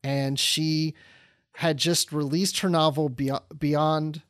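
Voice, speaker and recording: A man's voice: a little high, takes it slowly, dry recording, clean studio sound. A man co-hosting a podcast, telling an anecdote in a casual chat and acting out the quotes with laughter. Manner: animated anecdote teller, acts out quotes with laughter. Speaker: podcast co-host.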